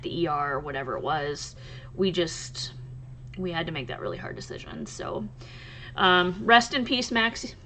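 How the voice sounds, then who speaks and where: A woman hosting a crochet channel, talking casually to camera in a soft, halting way with many pauses and restarts. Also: lowish voice, lo-fi sound, a little hiss or hum.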